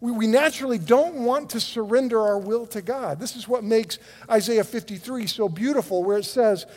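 A man with a high voice preaching a sermon from the pulpit, emphatic and dramatic, often repeating words and restarting phrases as he builds his point. He acts out quotes in his delivery. The sound carries a long reverb from a large church hall. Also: normal speed, darkish tone. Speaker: pastor. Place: church sanctuary.

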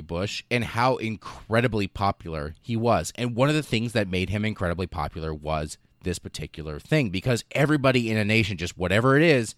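A man's voice: fairly low pitch, no room sound, studio quality. A man hosting a casual history podcast, irreverent and sarcastic, swearing often and acting out quotes in silly voices. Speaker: podcast host.

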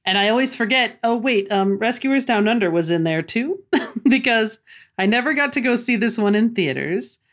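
A middle-aged woman co-hosting a podcast with her son, chatting in a relaxed, reminiscing way. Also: on the high side, moderate pace. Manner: relaxed, reminiscing, easy laughter. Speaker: podcast co-host. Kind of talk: casual podcast chat.

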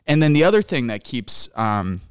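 A man's voice: mid-range voice, very animated, normal speed, smooth, no echo, clean studio sound. A man hosting an interview, talking casually and rambling a bit, with many "like" fillers. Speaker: host. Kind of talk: conversational interview.

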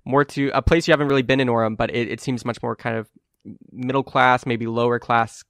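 A man's voice: mid-range voice, steady tone, brisk, a bit bright, dry recording, clean studio sound. A man narrating as game master in a tabletop game, casual and rambling with many fillers.

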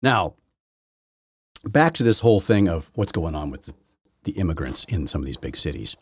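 A man's voice: sits low, very animated, moderate pace, slightly rough, no echo, clean studio sound. A man hosting a solo political commentary podcast, rambling and combative, often correcting himself mid-sentence. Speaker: podcast host.

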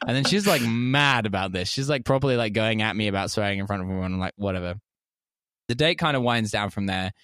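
A man's voice: lowish voice, fast, smooth, dry recording. English man, casual podcast chat, swears a lot, dry close sound. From England. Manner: profane, animated storytelling with voiced quotes.

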